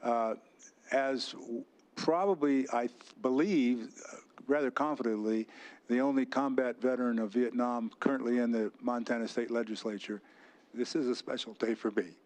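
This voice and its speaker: A man's voice: medium pitch, fairly even intonation, normal speed, a little mellow. Emotional older man chairing a hearing. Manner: emotional, apologetic. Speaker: committee chair. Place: legislative hearing room.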